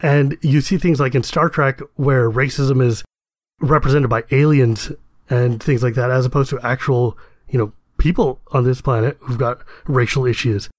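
A young American man in casual chat, animated and laughing often, his pitch leaping up when he gets excited. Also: normal speed, dry recording, studio quality. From United States.

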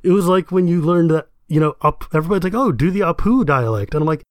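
A young American man in casual chat, animated and laughing often, his pitch leaping up when he gets excited. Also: quick pace, dry recording, clean studio sound. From United States.

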